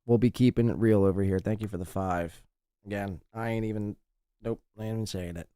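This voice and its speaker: A man hosting a live stream, reading out donations and mocking others with animated banter. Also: lowish voice, a little fast, clear, resonant tone, dry recording, studio quality. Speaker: podcast host.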